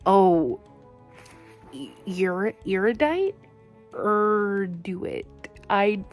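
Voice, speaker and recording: A woman's voice: a little high, darkish tone. Chatty woman reading vlogger. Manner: rambling, many "like" fillers. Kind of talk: casual vlog chat.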